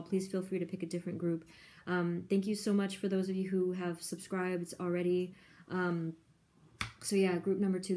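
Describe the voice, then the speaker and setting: A woman giving a pick-a-card tarot reading in a gentle, soft-spoken, effusive manner. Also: lowish voice. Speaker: tarot reader.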